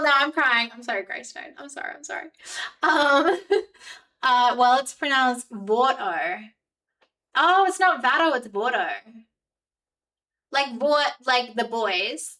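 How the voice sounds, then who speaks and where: A woman's voice: high-pitched, sharp tone, distant mic, low-quality recording. A young woman with a mixed Australian and New Zealand accent, chatting casually and rambling with her viewers on a live stream. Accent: Australian and New Zealand mix. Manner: chatty, rambling, frequent fillers and laughs.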